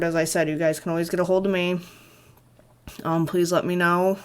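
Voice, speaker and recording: Halting, emotional young woman vlogger. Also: on the low side, smooth. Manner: halting, soft, emotional, with many pauses. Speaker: vlogger and student. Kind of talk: candid talk to camera.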